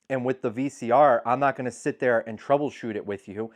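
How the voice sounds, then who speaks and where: A man's voice: mid-range voice, a little fast, hardly any pauses. A man hosting his channel, giving frank, matter-of-fact advice on handling buyer returns in a casual talk to the camera. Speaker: eBay seller and channel host.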